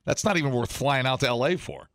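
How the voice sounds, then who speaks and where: A man from Wisconsin co-hosting a casual chat, joking and rambling with sudden loud outbursts. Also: mid-range voice, fast talker, no echo. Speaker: podcast co-host.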